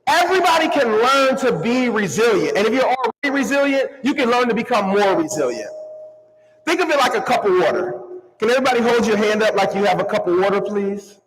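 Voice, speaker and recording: A man giving an energetic motivational keynote to a live crowd, calling on the audience to answer and move along with him. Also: sits high, a little fast. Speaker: motivational speaker. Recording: long hall reverb.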